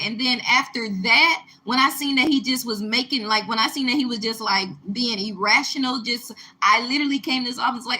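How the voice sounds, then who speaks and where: A young woman from Texas telling a personal story in a casual talk video, in an emphatic, animated way. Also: on the high side, brisk, few pauses, low-quality recording. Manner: emphatic, animated retelling with rising indignation. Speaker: vlogger.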